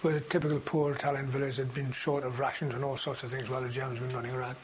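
A man's voice: mid-range voice, flat delivery, very fast. An older man recounting his memories in an oral history interview, rambling with frequent fillers and restarts. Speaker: veteran interviewee. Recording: dull lo-fi recording with faint hiss.

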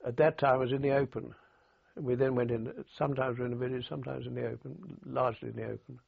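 An older British man in an oral history interview, recalling wartime radio work in an anecdotal way with dry humour and halting restarts, heard over a tinny phone-like recording. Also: mid-range voice, steady tone, vocal fry, slightly rough. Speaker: war veteran interviewee.

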